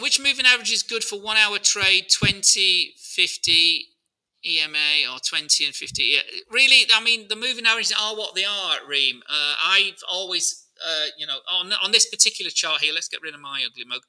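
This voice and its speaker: A man's voice: high voice, moderate pace, rough recording. A man hosting a live market analysis stream, chatting informally and answering viewer questions as he talks through charts. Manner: many fillers and restarts, relaxed and informal.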